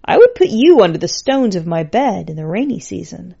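A woman's voice: medium pitch, sing-song, a little fast, vocal fry, warm tone, husky, lo-fi sound, heavily acted. A woman voicing a plucky, wry young woman cook who talks in a chatty, playful way. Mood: musing.

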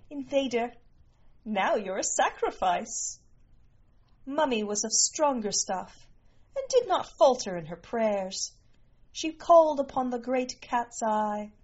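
A woman narrating a story in a slow, measured way. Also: medium pitch, darkish tone, muffled recording.

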